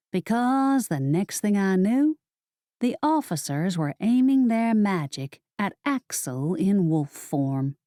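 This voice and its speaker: Slow, mellow woman audiobook narrator. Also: on the low side, no room sound, studio quality. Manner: steady, measured storytelling. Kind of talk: first-person audiobook narration.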